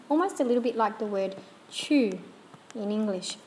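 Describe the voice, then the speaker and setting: A woman teaching pronunciation at a measured pace, modelling each sound and word with care. Her voice sits at a middling pitch. A faint hiss runs under the recording. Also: lively intonation, a little mellow. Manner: slow, demonstrative, models sounds clearly. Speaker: language teacher. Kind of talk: pronunciation lesson.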